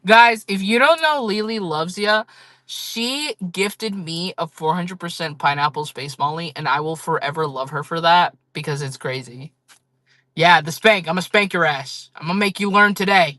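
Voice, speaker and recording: A woman hosts a casual livestream, talking frankly to her viewers with a bright, forceful edge. She swears freely and laughs often. The sound is dry and close, with no room around it. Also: on the low side, moderate pace, dry recording. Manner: blunt, frank talk with frequent laughs and swearing. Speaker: livestream seller chatting with viewers.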